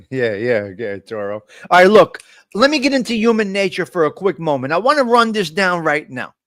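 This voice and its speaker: Big pitch swings mark this man's slightly high, a bit bright voice as he hosts a casual, jokey live stream from his desk microphone at a moderate pace. He often calls his viewers out by name, in dry, close audio with no room echo.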